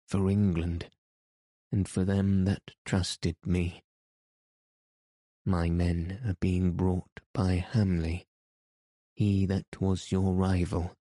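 A man's voice: sits low, dark tone, no echo, studio quality. A man reading the lines of a wounded, dying English baron, proud and gloomy, in archaic, formal speech for an audiobook.

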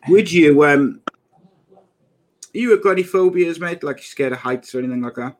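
A man's voice: fairly high pitch, moderate pace. A Welsh man co-hosting a podcast, rambling and teasing in casual chat. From Wales. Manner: rambling, teasing, lots of fillers. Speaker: podcast co-host.

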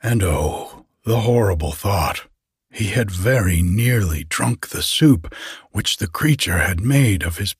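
A man reads a folk tale aloud at a very slow, unhurried pace. His voice is somewhat low and distinctly husky, and it is recorded dry and close. Soft music plays faintly beneath him. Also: animated, no room sound. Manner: measured, unhurried. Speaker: storyteller. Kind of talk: storybook reading.

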